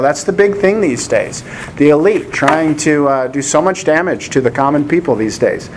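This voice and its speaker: A man's voice: fairly high pitch, a little hiss or hum. An American man giving a casual Bible teaching, chatty and rambling, with frequent laughs. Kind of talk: casual sermon with anecdotes.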